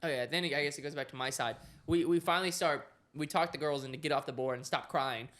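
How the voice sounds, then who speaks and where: High-voiced young man telling a story. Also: fast. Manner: animated, laughing storyteller. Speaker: podcast co-host. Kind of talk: casual storytelling.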